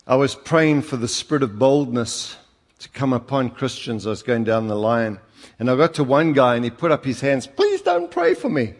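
Older South African male preacher, mid-pitched voice, anecdotal and punchy, echoing hall. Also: moderate pace. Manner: storytelling with humor, rising to emphatic exhortation. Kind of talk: sermon. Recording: long hall reverb.

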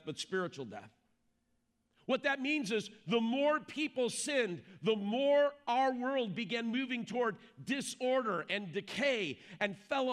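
Lively high-pitched male pastor preaching. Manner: emphatic, slows down to stress key phrases. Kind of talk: sermon.

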